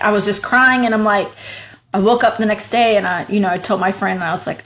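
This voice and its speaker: A woman at a medium pitch talks as a guest in a relaxed interview, frank and chatty. She tells her story in quick bursts and keeps slipping into animated quoted voices for her own past thoughts. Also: a little hiss or hum. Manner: frank and talkative, rapid bursts of speech. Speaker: podcast guest, small business owner.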